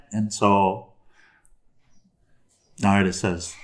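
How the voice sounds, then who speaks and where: A man, a spiritual teacher, telling a story in a sermon in a relaxed way, with chuckles and many fillers. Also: fairly low pitch, a little slow.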